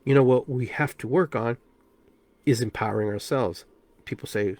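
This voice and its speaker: A man hosting a podcast, giving a spiritual self-help talk in an emphatic, animated way. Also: mid-range voice, normal speed, dry recording. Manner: emphatic, animated, acts out quoted voices. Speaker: podcast host and shaman.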